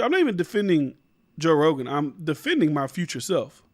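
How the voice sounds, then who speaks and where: Emphatic, high-voiced male commentator, profane. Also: expressive, brisk, no echo. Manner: emphatic, rambling, profane, restarts mid-sentence. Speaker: commentary show host. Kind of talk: casual opinion commentary.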